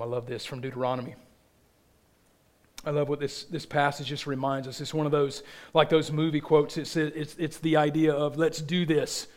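A man's voice: on the high side, flat delivery, normal speed. Earnest man preaching a sermon. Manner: earnest, repeats phrases for emphasis, drops soft at line ends. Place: church.

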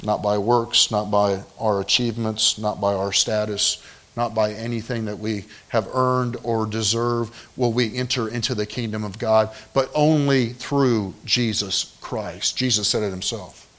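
A man preaching a sermon, emphatic and repetitive, swinging from raised declarations to hushed, soft lines. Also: fairly low pitch, steady tone, a little slow. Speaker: pastor.

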